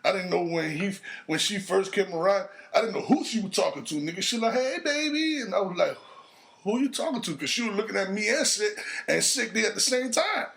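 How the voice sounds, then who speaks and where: Speaking fairly quickly, this male podcast host spins a vulgar street tale in casual, cursing style, pitching his voice up to imitate the people in it. The sound is creaky and a little bright.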